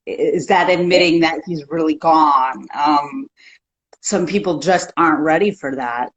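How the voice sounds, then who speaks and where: A woman guest who works as a life coach, talking in a calm, reassuring, counseling way. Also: deep voice, a little slow, highs cut off. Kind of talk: casual chat.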